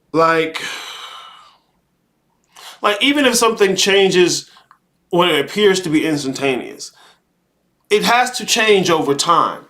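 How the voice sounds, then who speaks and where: A man's voice: fairly high pitch, bright, forceful tone. A man hosting a live monologue, preaching about time and spirit in a profane, heated rant, often repeating himself and asking "okay?". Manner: repeats words, frequent rhetorical "okay?". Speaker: host.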